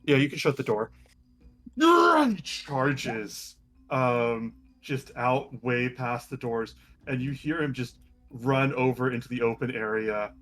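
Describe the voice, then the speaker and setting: A man narrating as game master of a live-streamed tabletop game, relaxed and chatty with many pauses. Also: mid-range voice, faint music behind.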